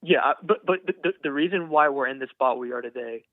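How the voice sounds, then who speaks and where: A man's voice: mid-range voice, brisk, no echo. A young man calls in over a thin, tinny phone line. He speaks earnestly, tripping over and repeating his words, and his voice sits dry and close. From Texas. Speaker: caller. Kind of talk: phone-in conversation.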